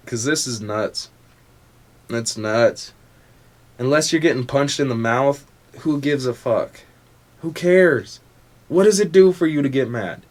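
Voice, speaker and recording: A young adult man hosting a casual motivational podcast who talks in a blunt, profane rant. He mocks the people he complains about and keeps up a confrontational edge throughout. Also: mid-range voice. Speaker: podcast host.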